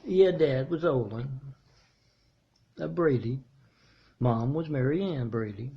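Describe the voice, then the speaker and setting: A man telling a meandering story in a halting monologue, restarting his phrases often. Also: mid-range voice, creaky, breathy edge, lo-fi sound. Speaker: self-made video preacher.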